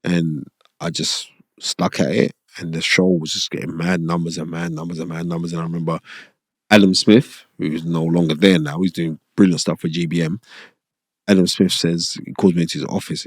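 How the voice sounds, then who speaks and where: Middle-aged man, low voice, animated streetwise storyteller, dry studio sound. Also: moderate pace, dry recording. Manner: animated, repeats phrases, streetwise slang. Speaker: boxing pundit and former boxer. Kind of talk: casual storytelling interview.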